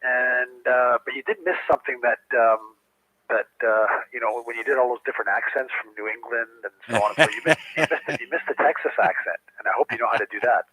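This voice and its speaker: A man's voice: mid-range voice, a little fast, pushed and bright, breathy edge, dry recording. An older retired man checking in on an amateur radio net, friendly and talkative, with stumbling fillers. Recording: tinny dry radio line.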